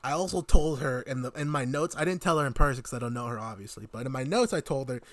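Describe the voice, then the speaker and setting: Quick-paced and medium-pitched with no echo, this male co-host of a casual podcast goes over a TV season. He's animated, quoting straight from his notes as he retells events, and breaks into laughter a lot.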